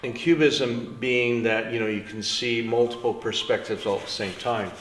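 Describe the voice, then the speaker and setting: A man, a painter, talking about his work in an unhurried storytelling way, with trailing fillers. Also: mid-range voice, steady tone. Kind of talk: reflective studio talk. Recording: echoey room with soft music.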